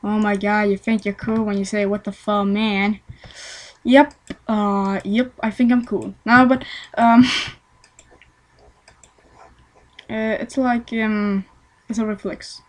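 Slow rambling woman gamer. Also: medium pitch, flat delivery, low-quality recording. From Sweden. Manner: rambling, self-mocking, swears at the game. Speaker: let's play gamer. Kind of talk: casual gameplay commentary.

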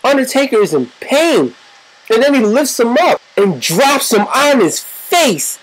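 A woman giving excitable, profane, joking play-by-play commentary over a wrestling video game. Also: fairly high pitch, unhurried, slight background noise, poor audio.

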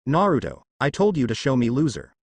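A man's voice: mid-range voice, very animated, fairly quick, breathy edge, no echo. A man doing an arrogant bully ninja boy. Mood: arrogant, sneering. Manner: sneering and demanding.

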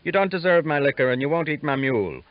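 A man's voice: on the high side, expressive, quick pace, no echo, voice pushed up, lightly acted. A man voicing a bald, jolly older Irishman with an Irish accent, genial and wry, on a dull lo-fi recording. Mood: grumbling.

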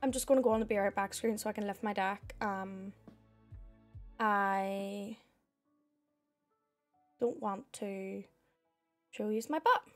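A woman's voice: medium pitch, takes it slowly, long pauses, soft background music. Chatty Northern Irish woman streamer. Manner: chatty, thanks viewers by name, says "heck". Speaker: live streamer. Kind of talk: casual live-stream chat.

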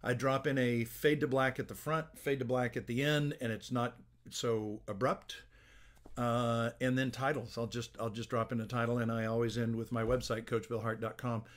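A middle-aged man, a business coach, giving casual video-making tips to camera in a relaxed, conversational way, with frequent restarts, recorded on a small plug-in phone mic in a home office. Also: mid-range voice, normal speed. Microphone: small plug-in phone microphone.

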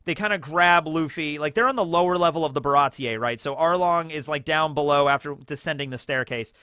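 A man's voice: fairly high pitch, fairly quick, bright, forceful tone, clean tone, no echo, clean studio sound. A man hosting a casual, rambling episode breakdown, talking in a chatty manner full of asides. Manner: chatty, rambling, full of 'like' and quoted bits. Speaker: YouTube host.

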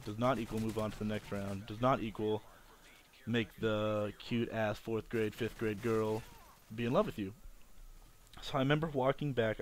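A twenty-year-old man telling a personal story to his viewers, candid and self-mocking, often restarting and repeating phrases. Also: fairly low pitch. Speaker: vlogger.

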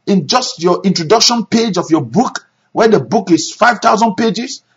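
A male pastor preaching a sermon, animated, with sudden shouts and hushed asides. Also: sits high, moderate pace, slightly rough, dull audio.

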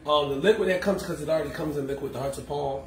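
A man's voice: on the high side, rapid-fire, a crowd in the background. Easygoing man hosting a cooking stream. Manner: easygoing, instructive, chatty. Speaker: cooking show host. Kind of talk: casual family cooking livestream. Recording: echoey room with background noise.

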